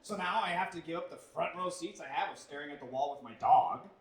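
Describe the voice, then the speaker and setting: A man's voice: fairly high pitch, animated, fairly quick. A young man doing a self-deprecating stand-up set on a club stage into a handheld mic, his delivery punchy and full of put-on voices. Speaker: stand-up comedian. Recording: echoey club from a distance.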